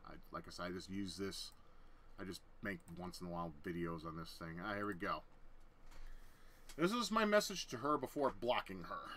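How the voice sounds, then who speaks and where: Sharp-voiced man ranting, swearing freely. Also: mid-range voice, big pitch swings, fairly quick. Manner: heavy swearing, heated and blunt. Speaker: vlogger telling a personal story. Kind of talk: casual storytelling rant.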